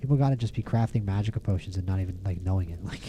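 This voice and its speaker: Man, low voice, casual let's-play commentary, rambling and playful, clear background noise. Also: very fast, mellow. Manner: rambling, playful, repeats words in bursts. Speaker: gameplay streamer.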